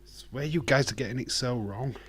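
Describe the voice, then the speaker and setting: Speaking fairly quickly in a mid-range, fairly bright voice, a man from the UK hosts a livestream. He answers his chat casually, trading jokes, rants and laughs.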